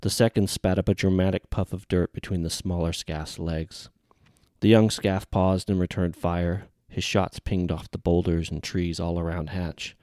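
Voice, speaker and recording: A man narrating an audiobook in a steady, even reading. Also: low voice, moderate pace, no echo, studio quality.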